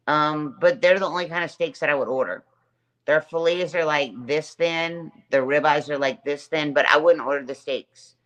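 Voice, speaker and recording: A woman's voice: deep voice, a bit bright. A woman hosting her own livestream, telling a long aggrieved story and greeting chat viewers by name. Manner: aggrieved, repetitive, reads chat names aloud. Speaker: livestream host. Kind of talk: casual livestream rant.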